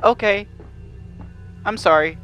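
A man's voice: high voice, takes it slowly, sharp tone, smooth, lo-fi sound, faint music behind. A man giving nervous, jumpy let's-play commentary on a horror game he is playing. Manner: jumpy, nervous, swears mildly, yelps when startled.

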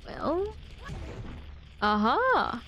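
Give me a woman with a slightly high voice, quietly commenting on her game. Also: big pitch swings, drawn-out words, a little hiss or hum. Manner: speaks softly, half whispering in quiet parts. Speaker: gamer.

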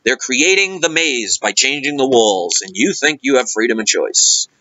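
A man's voice: mid-range voice, lively intonation, moderate pace, sharp tone, dry recording, lo-fi sound. A man vlogger giving an impassioned, sarcastic and preachy monologue rant.

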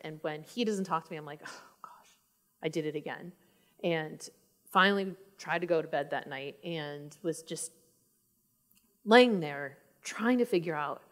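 Woman, fairly low voice, church testimony, lively storytelling, acts out quotes, laughs often. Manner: animated storytelling, acting out her own past remarks. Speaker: church speaker sharing her testimony. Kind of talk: personal testimony talk.

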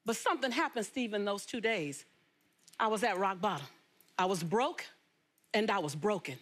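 A woman from Los Angeles, a talk show guest telling her life story in an animated, emphatic way. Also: mid-range voice, normal speed. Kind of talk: storytelling interview.

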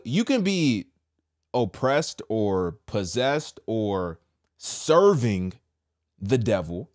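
A man hosting casual commentary, animated and repetitive, talking straight to his viewers. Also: medium pitch. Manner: animated, repeats himself, talks straight to viewers. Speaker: commentary host.

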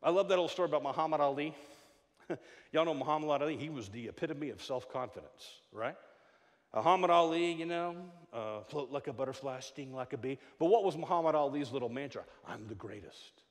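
A middle-aged man preaching a sermon in a church, joking and stammering through quick restarts. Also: fairly high pitch. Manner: animated, jokey preaching with frequent stammered restarts. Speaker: pastor. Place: church sanctuary. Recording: long hall reverb.

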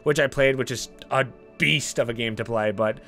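A man giving casual gameplay commentary as a streamer, excitable, swearing now and then and talking to his viewers. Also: mid-range voice, normal speed, soft background music. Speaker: gaming streamer.

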